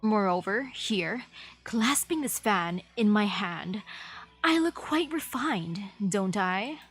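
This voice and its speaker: Woman doing a slightly husky, courtly young man. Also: medium pitch, animated, faint music behind, pitched below the performer's own voice. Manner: formal, old-fashioned, measured speech. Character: refined young man proud of his fan.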